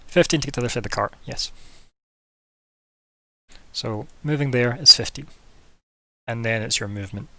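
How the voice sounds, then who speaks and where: Gravelly-voiced male game master. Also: mid-range voice, moderate pace, pauses often, sharp tone, no echo. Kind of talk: running a tabletop game online.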